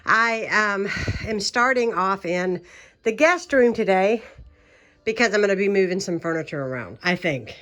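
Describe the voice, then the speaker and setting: A middle-aged woman talks casually to the camera she holds in a guest room of her home. She rambles warmly along, with frequent ums and quick bursts of laughter. Her voice sits at an ordinary middle pitch. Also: lively intonation. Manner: chatty, many ums, laughs often. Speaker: home vlogger. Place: guest room of an old house. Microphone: camera held by her.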